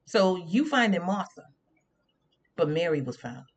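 A woman's voice: lowish voice, big pitch swings, a little slow, slightly rough. A woman preaching an informal sermon on a radio show, drawing words out and humming in agreement with herself.

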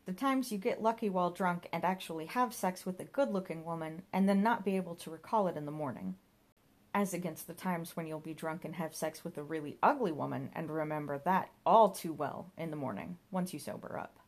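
A woman's voice: lowish voice, a little fast. A woman voicing a mischievous male companion who talks in a wry, teasing way.

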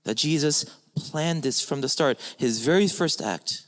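A man's voice: a little high, unhurried. A man preaching a sermon as a pastor, emphatic, with his voice rising and falling for stress.

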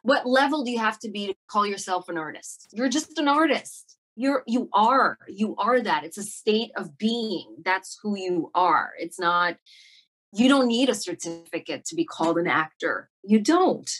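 A woman's voice: medium pitch, lively intonation, normal speed, a bit bright, husky. A woman actor being interviewed, talking casually and reflectively, with many fillers and restarts. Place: Montreal.

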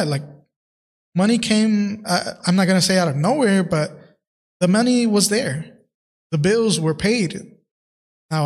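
A man with a slightly higher voice hosts his own podcast. He tells a personal faith story in a loose, earnest way, full of fillers and restarts. Long reverb trails behind his voice. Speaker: podcast host. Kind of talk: casual faith reflection.

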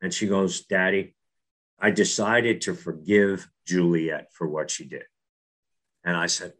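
A man's voice: low-pitched, normal speed, fairly bright tone. Earnest middle-aged man telling a story. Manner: earnest, repeats words and restarts. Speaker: guest telling a faith story. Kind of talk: casual storytelling.

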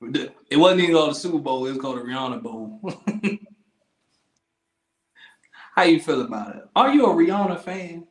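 A man's voice: fairly high pitch, lively intonation, normal speed, long pauses, echoey room. A man co-hosting a casual chat, laughing often, repeating himself and acting out other people's lines. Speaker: podcast co-host.

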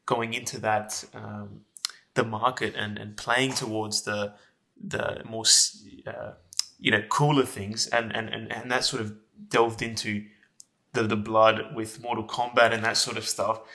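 A man with a bright, slightly low voice hosts an interview. His questions run long and stop and start as he searches for words. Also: little pitch movement. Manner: long halting questions full of restarts. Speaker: interviewer, podcast host. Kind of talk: casual interview.

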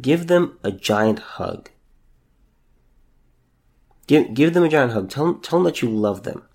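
A man hosting a solo podcast, talking in a halting, emotional way, repeating words as he holds back tears. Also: medium pitch, lively intonation, vocal fry, a little mellow, breathy edge. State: close to tears. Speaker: podcast host.

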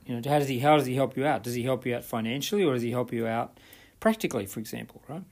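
A man's voice: mid-range voice, racing, darkish tone. Chatty man telling a coaching story. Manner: conversational, rhetorical, often checking with "right?". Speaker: podcast host and money coach. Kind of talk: podcast monologue telling a client story.

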